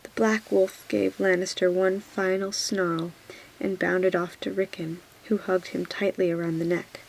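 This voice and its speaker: A woman reading a fantasy novel aloud in a soft whispered role-play, hushed and gentle. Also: on the low side, flat delivery, unhurried, gravelly, a little hiss or hum, poor audio. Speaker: audiobook reader.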